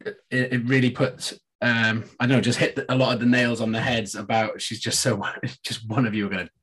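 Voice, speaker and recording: A man's voice: mid-range voice, level tone, normal speed, a bit bright, breathy edge. A man co-hosting a casual podcast, musing hesitantly and searching for words. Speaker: podcast co-host. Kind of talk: casual TV discussion.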